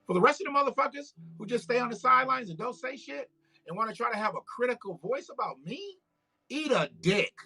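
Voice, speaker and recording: A man's voice: very high voice, animated, a little fast, gravelly, bright, forceful tone. A man, hosting a livestream with blunt, profane, preachy commentary. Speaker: livestream host. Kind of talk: casual political commentary livestream.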